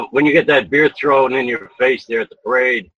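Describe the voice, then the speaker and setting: Male co-host, bright voice, easygoing, dull dry recording. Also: medium pitch, normal speed, no room sound.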